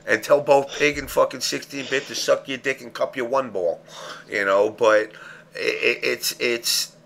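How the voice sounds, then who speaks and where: A man's voice: medium pitch, unhurried, gravelly, a little hiss or hum. A man hosting a casual stream show, talking bluntly with a lot of swearing. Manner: blunt, profane, animated. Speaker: show host.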